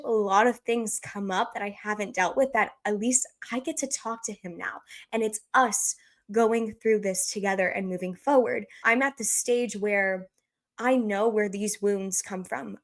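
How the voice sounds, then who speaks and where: A woman's voice: medium pitch, steady tone, moderate pace. Podcast host, woman in her twenties, earnest and open, heartfelt casual chat.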